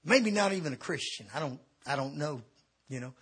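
A middle-aged evangelist preaches through a funny personal story, his husky voice sitting a little high for a man. He bounces between loud outbursts and hushed, sheepish asides as the tale unfolds. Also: a little fast. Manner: animated comic storytelling, swings from shouting to quiet. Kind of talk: storytelling sermon.

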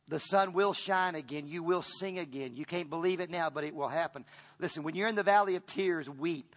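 Speaking at a moderate pace with a fairly high pitch, a male pastor preaches a sermon. He goes from loud to hushed and keeps repeating words and restarting phrases.

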